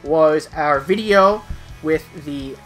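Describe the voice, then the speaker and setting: Lady collector host, bright voice, low-ish, jokey, faint music behind. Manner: joking, playful, quick asides. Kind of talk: casual collector vlog chat.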